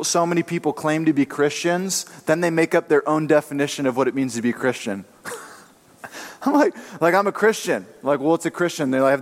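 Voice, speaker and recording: Pastor guy preaching, kinda high voice, cracks jokes, big echoey church. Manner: jokey storytelling preacher, acts out quoted voices. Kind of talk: sermon. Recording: long hall reverb.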